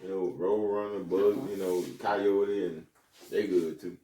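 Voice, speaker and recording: A man's voice: deep voice, distant mic. A man at a family mukbang at home, joking and chatting over dinner. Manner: joking, lively, drawn-out teasing. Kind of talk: casual family chat while eating. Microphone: phone set at a distance. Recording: echoey room, phone mic away from him, faint noise.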